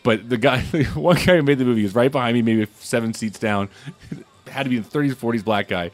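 A man's voice: mid-range voice, brisk. A man hosting a casual podcast who reviews films and tells stories in a loose, profane way. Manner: animated, profane storytelling. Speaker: podcast host and film reviewer. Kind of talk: casual chat.

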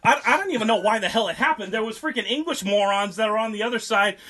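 A young man retells history with a high voice and lots of crude, mocking jokes. His tone is bright and cutting. He sounds animated and loose, like a casual podcast host. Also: quick pace. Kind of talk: casual comic history storytelling.

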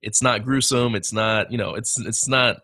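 A man with a bright, forward voice co-hosts a casual podcast, talking haltingly and padding his sentences with fillers. He sits at an ordinary, middling pitch. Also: steady tone. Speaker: podcast co-host. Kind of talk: casual chat.

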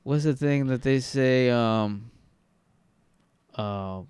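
A man's voice: medium pitch, extremely slow, darkish tone, clean tone, dry recording, clean studio sound. A man from California co-hosting a casual podcast, rambling with lots of fillers and cursing. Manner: rambling, swearing, many fillers and restarts. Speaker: podcast co-host. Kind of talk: casual chat.

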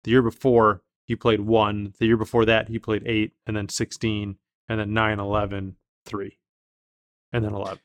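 A man's voice: lowish voice, level tone, moderate pace, no room sound, studio quality. A man hosting a podcast, casual chat, talking emphatically and thinking aloud with restarts. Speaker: podcast host.

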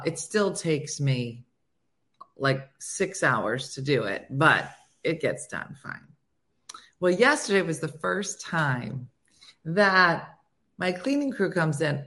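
A woman's voice: low-pitched, expressive, slow pace, creaky, sharp tone. A woman hosting an online morning show, chatting casually and poking fun at herself. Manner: chatty, self-mocking, laughs at herself. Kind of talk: casual chat.

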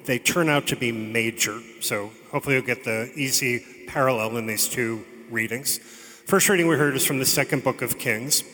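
A man's voice: mid-range voice, normal speed, bright, forceful tone. A man preaching a sermon, retelling a scripture story in a chatty way with joking asides. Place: church. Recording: long reverb of a large hall.

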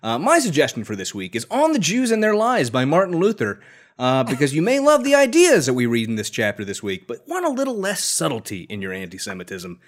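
A man's voice: on the high side, huge pitch swings, brisk. A man co-hosting a podcast, chatting casually in a joking, sarcastic way. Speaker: podcast co-host.

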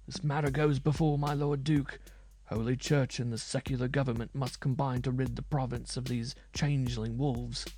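A man's voice: medium pitch, flat delivery, moderate pace, a little mellow, a little hiss or hum, pitched above the performer's own voice, close to an everyday voice. A man voicing a boastful, hungry bearded male minstrel who talks in old-fashioned, mocking speech. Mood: shaken.

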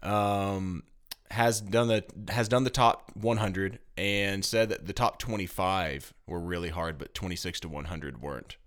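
A man with a Southern US accent co-hosting a board game podcast in casual, lively, self-deprecating chat. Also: deep voice, a little slow. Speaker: podcast co-host.

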